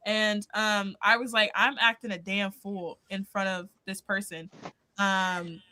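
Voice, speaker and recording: A woman's voice: mid-range voice, level tone, a little slow, pushed and bright. A woman co-hosting a charity stream, chatting casually in a dry, matter-of-fact way with plenty of fillers. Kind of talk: casual storytelling chat. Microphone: streaming setup, video call.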